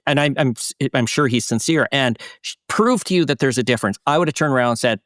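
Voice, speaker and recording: A man's voice: mid-range voice, fast talker, fairly bright tone, no echo, studio quality. A man speaking as a guest on a casual podcast chat, telling stories emphatically.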